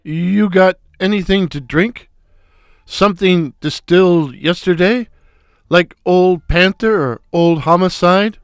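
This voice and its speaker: A man voicing a brash, wisecracking middle-aged comedian with a loud foghorn voice, firing off punchy gags in a comic story reading. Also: high-pitched, slow, clear, resonant tone, no room sound, studio quality.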